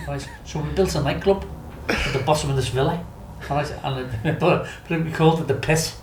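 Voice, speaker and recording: A man's voice: a little high, moderate pace, reverberant, slight background noise, rough recording. A Scouse man from Liverpool telling a wild story as a podcast guest, laughing often, swearing freely and acting out what people said. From Liverpool, England. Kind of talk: casual anecdote telling.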